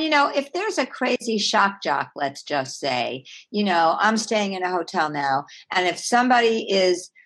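A woman author appears as an interview guest in a conversational setting, earnestly explaining her ideas. Her pitch and loudness swing widely as she speaks.

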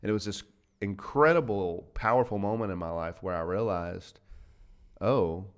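A man co-hosts a conversational podcast in a lowish voice. He talks earnestly, often breaks off and restarts his sentences, and laughs readily with his co-host. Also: normal speed, clean tone, lo-fi sound. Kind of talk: casual chat.

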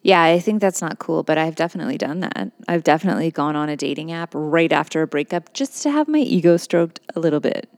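A woman's voice: low-pitched, expressive, fast, few pauses, darkish tone, no echo. A middle-aged woman co-hosting a podcast in casual chat, with dry, teasing humor. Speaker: podcast co-host.

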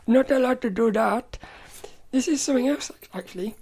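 Woman podcast host, mellow low-toned voice, stop-start rambling, chatty. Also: moderate pace, breathy edge. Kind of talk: casual solo chat.

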